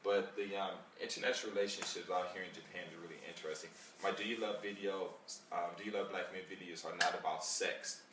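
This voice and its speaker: A man talking casually in a vlog, rambling and animated, acting out chats with people he meets on the street. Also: low-pitched, quick pace, echoey room, recorded from a distance, noisy background. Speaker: vlogger.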